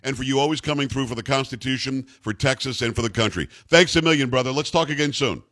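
A man hosts a talk radio interview at a rapid clip, pressing his points with incredulous emphasis. His words pile up and stumble when he gets worked up, and the sound is dry and close. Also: medium pitch, no echo. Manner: fast, emphatic, incredulous, stammers when excited. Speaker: radio talk show host.

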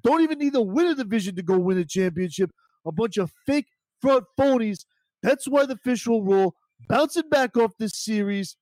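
A man putting on a brash, gravelly pro wrestler persona as a guest, trash-talking with punchy declarations. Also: very high voice, a little mellow, dry recording. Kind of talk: fan pep talk in wrestling persona.

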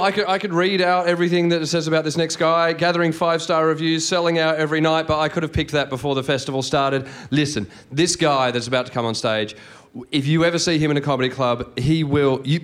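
A man's voice: a little high, fairly bright tone, a little hiss or hum. A man working as compère at a comedy show, building up the next act with hype. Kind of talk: introducing acts at a comedy show. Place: comedy venue stage.

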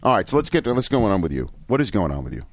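A man's voice: deep voice, sing-song, rapid-fire, no room sound. A man hosting a podcast in a studio, bantering wryly and playfully. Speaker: podcast host. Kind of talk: casual studio chat.

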